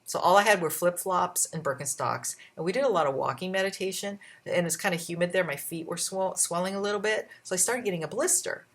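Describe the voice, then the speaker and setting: A woman vlogging in a casual storytelling style. Her voice sits a little low, but she moves around a lot, speeding up, slowing down and jumping higher to act out other people's lines. It comes across as chatty and expressive. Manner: animated retelling with shifting pitch and pace; acts out quoted voices.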